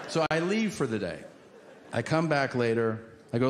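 A man's voice: mid-range voice, animated, a little fast. A man doing a crude stand-up comedy set, telling stories with big acted-out quotes. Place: comedy venue stage with audience. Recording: live stage with long reverb and hum.

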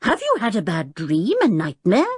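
A woman's voice: mid-range voice, huge pitch swings, normal speed, slightly rough, no room sound, studio quality. A woman voicing a doubtful, patient male professor who reasons mildly and sighs. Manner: mild, sighing, reasoning.

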